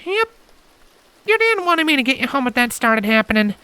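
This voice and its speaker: A man doing a spunky farm girl, very high. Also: very animated, moderate pace, sharp tone, smooth, no echo, exaggerated voice. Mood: teasing. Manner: folksy, teasing drawl. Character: spunky southern farm girl, teasing and playful.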